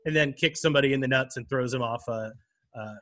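A man's voice: medium pitch, fast, a bit bright. A man co-hosting a podcast, telling stories in a laid-back, wry, casual way. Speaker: podcast co-host. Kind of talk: casual chat.

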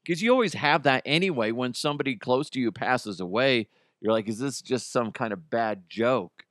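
A man's voice: mid-range voice, expressive, moderate pace, fairly bright tone, dry recording, studio quality. A man hosting a casual solo podcast, rambling and cursing freely, with many restarts and broken-off sentences. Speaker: podcast host.

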